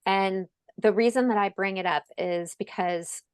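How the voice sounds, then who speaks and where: A woman's voice: medium pitch, a little slow, clear, resonant tone, dry recording. A woman speaking at a webinar in a casual, earnest way, with frequent fillers and restarts. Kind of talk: presentation at a webinar.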